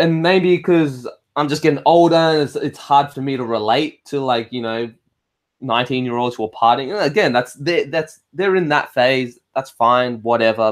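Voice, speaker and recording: It's a laid-back livestream: an Australian host with an ordinary middle-pitched voice rambles from one thought to the next, swearing freely and often restarting sentences. He reads viewer comments and answers them conversationally.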